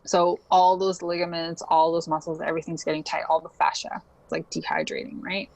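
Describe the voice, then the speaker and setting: A woman's voice: deep voice, fairly quick, vocal fry, darkish tone, rough recording. A young adult woman chatting casually as a podcast guest, laughing often and filling her talk with likes and ums. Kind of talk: casual interview chat.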